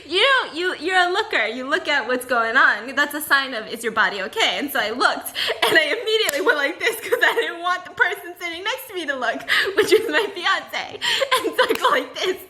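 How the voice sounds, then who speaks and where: A young woman hosting her channel, telling a story in a casual, animated and dramatic way and often breaking into laughter. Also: high voice, brisk. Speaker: YouTuber host.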